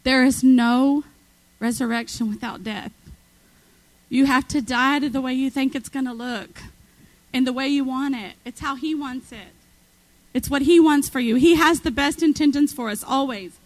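A woman with a high voice preaches a sermon as a guest speaker. She drives her points home with fervent, emphatic repetition. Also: normal speed, poor audio.

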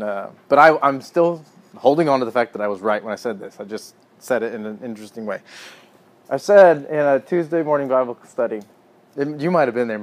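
A man leads a teaching sermon in a relaxed, conversational way. He speaks earnestly, rising to emphatic bursts and then sinking to a quiet hush. His voice sits at a middle pitch. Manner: earnest, animated, swings from emphatic to hushed. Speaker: pastor or Bible teacher.

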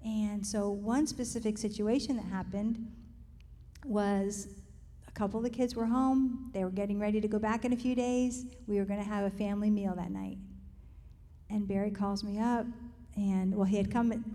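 A middle-aged woman telling a faith-based family story in an earnest, animated way, acting out the quotes. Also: medium pitch, moderate pace, long reverb tail. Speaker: co-host sharing a family story.

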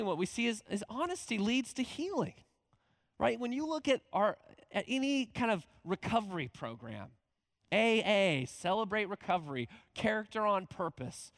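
A man preaching a conversational sermon as pastor, animated, often acting out quoted voices. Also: high-pitched, creaky, no echo.

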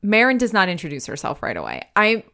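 A woman's voice: medium pitch, wildly swooping pitch, quick pace, fairly bright tone. Woman playing a tabletop game. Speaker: player.

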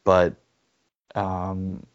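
A man co-hosting a casual soccer podcast, talking in a halting way with many restarts and fillers. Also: deep voice, completely flat delivery, clear, resonant tone. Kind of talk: casual sports chat. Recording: dull lo-fi audio.

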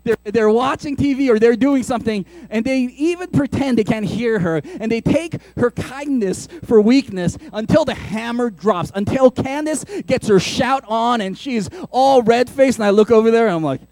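A man, a pastor, preaching a sermon in an animated, conversational way with playful asides. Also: extremely high pitch, normal speed, hardly any pauses.

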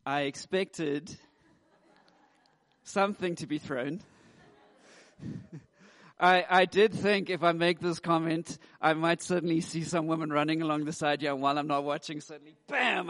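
A man in his thirties, a pastor preaching in a lively, joking, chatty way in a church. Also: a little high, normal speed. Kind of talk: sermon. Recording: echoey hall.

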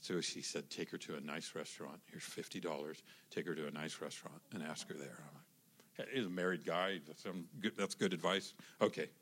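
A man telling a personal story in a casual, animated way, with lots of restarts and acted-out quotes. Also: extremely low pitch, fairly quick, husky. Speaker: guest telling his love story.

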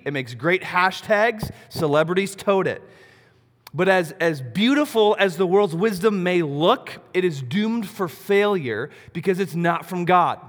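A man preaching a sermon, animated, asking rhetorical questions and swinging between loud and soft. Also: fairly high pitch. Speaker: pastor. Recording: long reverb of a large hall.

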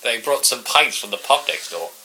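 A bumbling, eager accountant played by a man, tripping over his words. His voice sounds very bright and sharp, with a keen edge. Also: mid-range voice, animated, normal speed, slight background noise, poor audio. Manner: bumbling, eager, repeats himself. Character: bumbling male accountant guest, eager and odd. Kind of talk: improvised comedy role-play.

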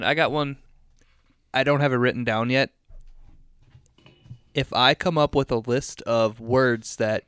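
A man co-hosting a podcast, cracking jokes and cutting in with quick remarks. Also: mid-range voice, no echo, studio quality. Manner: joking, quick interjections. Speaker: podcast co-host. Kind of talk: casual chat.

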